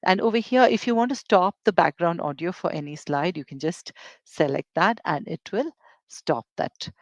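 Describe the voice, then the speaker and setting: An eLearning presenter giving a software demo webinar, talking in a hesitant way with many fillers and restarts. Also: mid-range voice, moderate pace, no echo, lo-fi sound.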